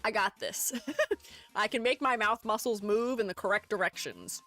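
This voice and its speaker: A woman's voice: medium pitch, expressive, normal speed, sharp tone, faint music behind. A woman streamer chatting casually while critiquing art, rambling and giggling at herself. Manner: rambling, giggly, self-deprecating. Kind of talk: casual live-stream chat.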